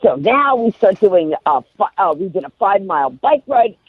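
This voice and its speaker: A woman guest, a comedian and motivational speaker, telling a comic story at a rapid-fire clip on live radio and acting out the voices of the people in it. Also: mid-range voice, husky, no room sound. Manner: rapid-fire, animated, acts out quoted voices. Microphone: phone. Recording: tinny phone line.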